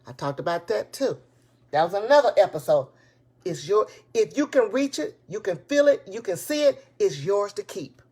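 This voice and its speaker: A woman giving a live motivational talk to her viewers, excited and preachy, repeating her points and speaking in casual, folksy grammar. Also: mid-range voice, moderate pace, breathy edge. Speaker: motivational speaker and business coach. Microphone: tablet device.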